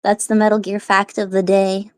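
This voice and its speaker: A woman's voice: medium pitch, little pitch movement, moderate pace, a little mellow. A young woman hosting a live audio chat, telling rambling stories and laughing often. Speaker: social audio host. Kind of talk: casual chat.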